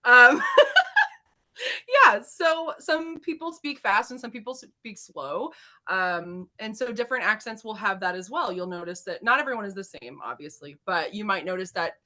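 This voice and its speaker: Bright, animated woman podcast host. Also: mid-range voice, normal speed. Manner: animated, laughs often, drifts into demo voices. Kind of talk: casual chat explaining accents.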